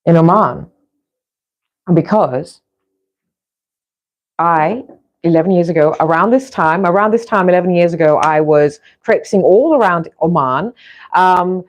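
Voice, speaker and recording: A woman's voice: lowish voice, unhurried, pauses often, lo-fi sound. A middle-aged woman vlogger chatting casually in a rambling way, with frequent restarts. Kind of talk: casual chat.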